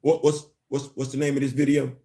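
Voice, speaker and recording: A man's voice: mid-range voice, fairly quick. A man hosting a casual live commentary stream on comics, repeating words and stopping to greet viewers. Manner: animated, repeats words, laughs and chats with viewers. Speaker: commentary channel host.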